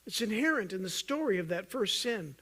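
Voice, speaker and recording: A man preaching a sermon as pastor, earnest and urging, at times loud and at times hushed, joking with the congregation. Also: lively intonation, a little fast, breathy edge. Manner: earnest, swings from loud emphatic urging to soft low intensity; jokes with the congregation.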